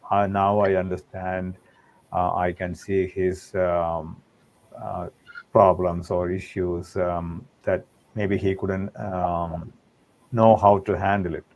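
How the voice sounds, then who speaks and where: Deep, flat-voiced male host, lo-fi sound. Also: takes it slowly. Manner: hesitant, searching questions. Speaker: talk show host. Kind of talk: interview questions. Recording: dull lo-fi sound.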